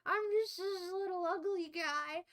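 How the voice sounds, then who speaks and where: A woman's voice: very high-pitched, fairly even intonation, unhurried, fairly bright tone. A woman doing a mocking impression of a self-pitying little man cartoonist, whiny and self-deprecating.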